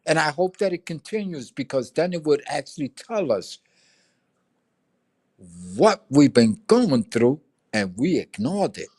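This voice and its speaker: High-voiced older New York man, profane. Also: sing-song, measured pace, darkish tone, no echo. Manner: profane, storytelling, street talk. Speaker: livestream co-host. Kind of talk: casual chat.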